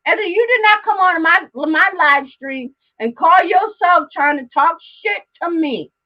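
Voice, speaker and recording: A woman's voice: extremely high pitch, animated, a little slow, lo-fi sound. A woman hosting her own live stream, talking casually to viewers and ranting heatedly at one of them, swearing a lot and repeating herself for emphasis.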